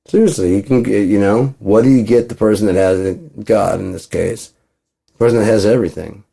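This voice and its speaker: A man's voice: on the low side, creaky, warm tone. A man rambling in a casual monologue, profane, acting out both sides of imagined conversations. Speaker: channel host.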